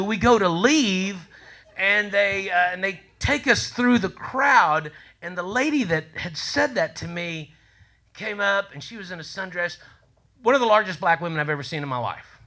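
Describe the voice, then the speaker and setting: A man telling a profane, animated story on a comedy club stage, swearing and laughing through his lines. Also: high-pitched, measured pace.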